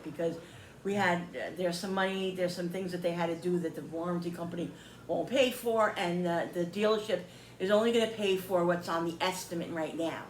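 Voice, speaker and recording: A woman vlogger casually retelling a frustrating phone call, animated and heated, quoting both sides. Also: fairly low pitch, echoey room, a little hiss or hum. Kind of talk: casual storytelling to camera.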